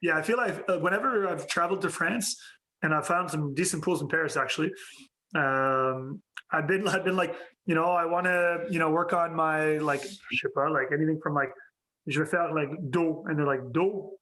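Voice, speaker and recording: Brief: male podcast host, a bit higher voice, relaxed, filler-laden questions, video call. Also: moderate pace. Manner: casual, heavy on "like" and "you know". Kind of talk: casual interview.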